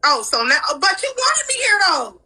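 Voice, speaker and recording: A woman's voice: very high-pitched, very animated, moderate pace, bright, forceful tone, low-quality recording. A woman in a heated livestream argument who is defensive and repeats herself insistently. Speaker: livestream participant.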